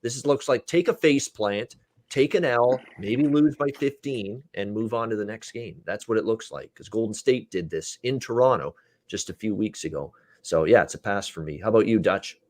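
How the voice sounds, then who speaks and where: A man with a fairly low, dry voice talks through betting picks in a loose, casual way. He runs the panel and hands off to the others, with plenty of fillers. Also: moderate pace, a little mellow, no echo. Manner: loose, conversational, many fillers. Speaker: sports betting show host. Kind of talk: casual sports betting talk.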